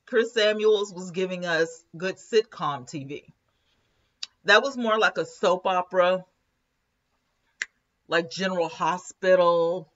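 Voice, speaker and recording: Hosting a live commentary stream, this woman reads viewer comments aloud, laughs a lot, and keeps the chat casual. Her voice sits on the low side with a touch of brightness, though the audio is muffled.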